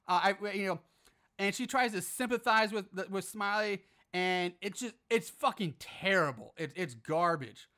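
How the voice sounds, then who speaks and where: A man's voice: sits high, expressive, moderate pace, bright, forceful tone. A man recapping a movie in casual chat, ranting with frequent swearing and exasperation. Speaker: podcast host.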